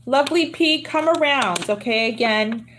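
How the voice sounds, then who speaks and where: Chatty tarot reader woman, noisy stream. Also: moderate pace. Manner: chatty, laughs often, teasing; lowers her voice to a hush. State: throat getting sore. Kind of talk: livestream tarot reading chat.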